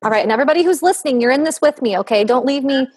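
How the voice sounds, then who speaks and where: A woman's voice: high voice, rapid-fire, darkish tone, slightly rough. A woman in her thirties hosting a podcast, playful and chatty, with a mother's casual humor. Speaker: podcast host. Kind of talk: casual chat.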